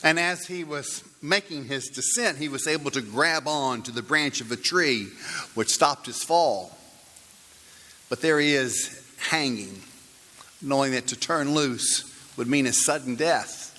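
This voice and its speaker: Slow, bright-voiced preacher in a reverberant church. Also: male voice, medium pitch. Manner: slow, deliberate storytelling delivery. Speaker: pastor. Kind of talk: sermon.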